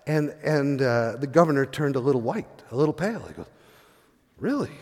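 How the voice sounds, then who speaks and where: A man's voice: medium pitch, fast talker, darkish tone. A middle-aged man preaching a sermon as pastor, telling a story with many fillers and restarts. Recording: long hall reverb.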